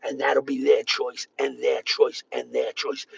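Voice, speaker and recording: Raspy, gravelly man. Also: completely flat delivery, a little slow. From Boston area. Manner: profane, erratic, swings between yelling and low muttering. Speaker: livestreamer. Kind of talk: angry livestream rant. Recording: dull lo-fi sound.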